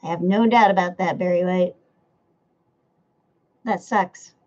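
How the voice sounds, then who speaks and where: A woman's voice: fairly low pitch, fairly even intonation, measured pace, darkish tone. Chatty woman streamer, lo-fi sound. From United States. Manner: chatty, laughs often, swears casually. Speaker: live streamer reading chat. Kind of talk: casual live-stream chat. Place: home room near a window.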